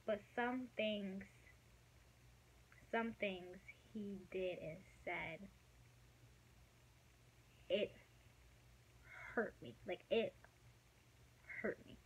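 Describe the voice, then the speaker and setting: A woman of about twenty telling a personal story in a casual, emotional way, dropping to a hush and then getting loud, with lots of fillers. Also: medium pitch, extremely slow, long pauses, slight background noise, rough recording. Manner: emotional, swings from hushed to loud, many fillers. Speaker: vlogger.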